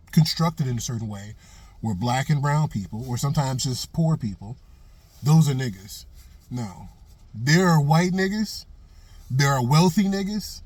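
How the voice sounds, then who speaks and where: This vlogger, a middle-aged man with a medium-pitched voice, gives a crude, outspoken opinion piece laced with anecdotes and repeated phrases. There's no room sound on the recording.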